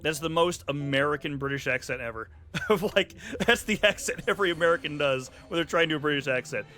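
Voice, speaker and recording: Chatty man game streamer, bright, lively voice, faint game music behind. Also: on the high side, fast talker. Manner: chatty, joking, does silly put-on accents. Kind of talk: casual gameplay commentary.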